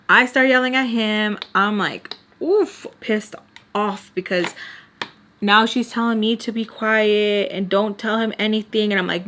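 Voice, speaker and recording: A woman's voice: medium pitch, steady tone, a little slow, a bit bright. A woman in her twenties telling a personal story casually on her channel, heated and profane, rambling with lots of fillers.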